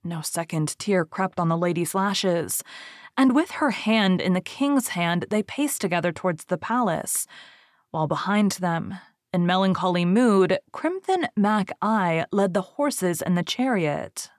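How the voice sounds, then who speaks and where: A woman reading an old storybook tale aloud in a measured, steady way. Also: fairly low pitch, dry recording, clean studio sound.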